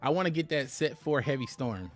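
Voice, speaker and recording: A man's voice: medium pitch, expressive, brisk, soft background music. A man commentating live on his own card game play, chatty and laughing, talking to his viewers. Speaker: game streamer.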